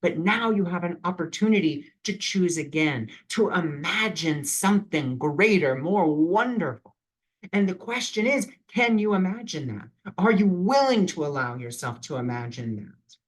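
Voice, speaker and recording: A man with a high, expressive voice talks at a moderate pace in a casual vlog about imagination, earnest and encouraging. As a vlogger and spiritual reader, he rambles through this motivational chat with lots of "you know" fillers, and the recording is rough.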